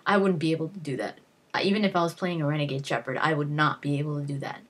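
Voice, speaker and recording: Young woman, gaming vlogger, casual rambling storytelling, husky, lowish voice. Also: steady tone, fast talker. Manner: rambling, lots of fillers and restarts, acts out quotes.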